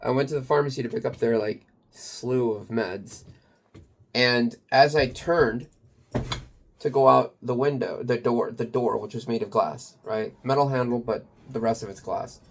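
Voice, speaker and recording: A man's voice: medium pitch, a little slow, a little hiss or hum. A man rambling through a confessional personal story in a casual, loose way, with lots of fillers and some swearing. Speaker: kratom vendor and channel owner.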